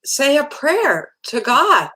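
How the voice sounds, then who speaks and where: A woman chaplain speaking as a talk show guest, her voice bright and fairly high. She talks slowly and calmly, laying out each step in a measured, teaching way. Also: rough recording. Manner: calm, measured, instructive.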